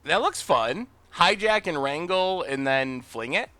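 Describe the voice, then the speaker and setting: A man hosting a live game stream, thinking out loud about his plays and bursting into loud cheers when things go his way. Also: a little high, lively intonation, unhurried, dry recording, soft background music. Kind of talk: live gameplay commentary.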